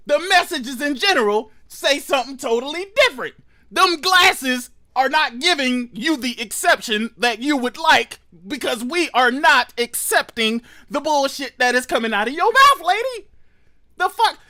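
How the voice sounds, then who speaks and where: A man hosting a reaction commentary show, ranting loudly and mockingly with heavy profanity. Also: extremely high pitch. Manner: loud, profane, mocking rants. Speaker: commentary host.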